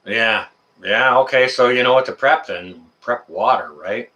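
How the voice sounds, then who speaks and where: A man hosting a live stream, chatting casually with viewers in a rambling, excitable, jokey way. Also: mid-range voice, measured pace. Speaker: livestream host answering chat.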